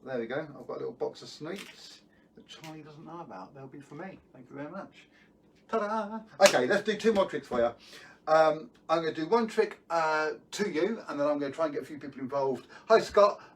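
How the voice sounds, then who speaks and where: A man's voice: a little high, a little fast. A middle-aged man doing magic tricks and telling self-deprecating stories in chatty live patter. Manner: chatty, self-deprecating storytelling with filler words. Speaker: magician performer. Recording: distant mic, faint room noise.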